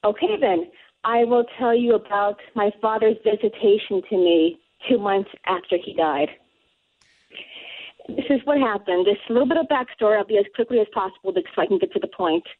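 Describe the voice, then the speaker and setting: Excited woman caller on a tinny phone line. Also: mid-range voice, brisk. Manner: excited, breathless storytelling with gasps. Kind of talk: call-in radio storytelling.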